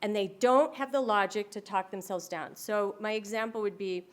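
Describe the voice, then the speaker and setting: A woman's voice: mid-range voice, normal speed. A woman presenting to an audience, telling stories animatedly and acting out other people's voices. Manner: animated storyteller who acts out quoted voices. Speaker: speaker on dementia care.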